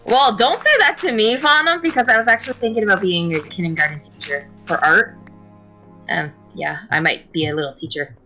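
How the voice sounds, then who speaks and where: A young woman with a bright, forceful voice hosts a casual gaming livestream. She chats, teases and laughs easily with her friend. Soft music plays faintly underneath. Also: mid-range voice, low-quality recording. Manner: teasing, chatty, quick to tease and laugh. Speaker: streamer and host. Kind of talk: casual chat while livestreaming a game.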